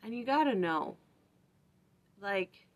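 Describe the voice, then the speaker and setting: A woman's voice: medium pitch, lively intonation, slow. Woman musing aloud over scripture at home. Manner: thinking aloud, chatty, lots of "like" and "right?". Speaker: vlog host. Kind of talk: casual morning scripture study.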